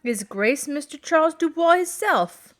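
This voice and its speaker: A woman reading a novel aloud voices a hearty male shopkeeper who crows his words loudly with rough grammar, calling out in a high, strained voice. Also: lively intonation, a little slow. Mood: crowing. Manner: loud, crowing calls with rough dropped grammar.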